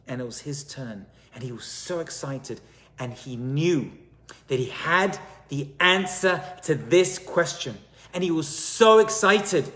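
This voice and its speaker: A man, a rabbi, tells a story in a sermon with a notably high voice. He is animated, building to loud bursts and then dropping to hushed lines.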